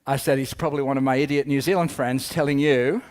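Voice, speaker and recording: A man's voice: mid-range voice, steady tone, darkish tone. Wry, rambling male storyteller. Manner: storytelling with wry asides and quick jokes; rambling, often restarts with "anyway". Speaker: keynote speaker. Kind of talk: humorous anecdotal talk.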